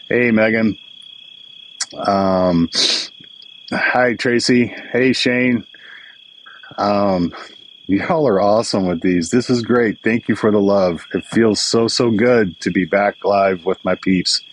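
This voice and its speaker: A man's voice: lowish voice, slight background noise, poor audio. Older man chatting on a live stream. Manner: chatty, greeting viewers by name, emotional and upbeat. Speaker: livestream host. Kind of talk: casual live-stream chat. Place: indoors at home, crickets outside. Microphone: phone or webcam for a live stream. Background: crickets and insects chirping.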